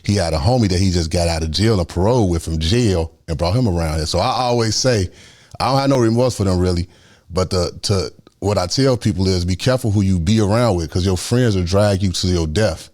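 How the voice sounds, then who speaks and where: A man with a Chicago accent telling his life story in a casual, animated way, acting out what people said. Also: deep voice, brisk. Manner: animated street storytelling, acts out quotes loudly.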